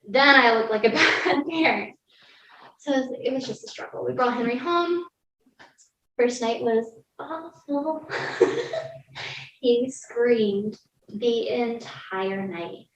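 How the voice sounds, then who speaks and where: A woman's voice: fairly high pitch, animated, slow, pauses often, fairly bright tone, a little hiss or hum. A woman guest on a podcast telling a personal story in a candid, casual way, peppered with "like" and the odd laugh. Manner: candid, lots of "like", laughs through hard moments. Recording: roomy, distant, dull sound with faint ambience.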